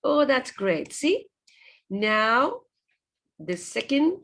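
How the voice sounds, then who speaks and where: A woman's voice: a little high, big pitch swings, extremely slow, creaky, fairly bright tone. A woman teaching an online phonics lesson to young children, patient and sing-song, repeating each word several times and checking in with rising questions. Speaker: early years teacher.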